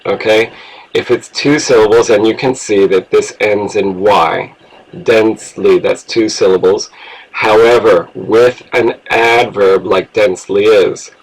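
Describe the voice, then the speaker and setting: A man's voice: on the low side, low-quality recording. A man teaching an English grammar lesson, explaining rules patiently and spelling words out letter by letter.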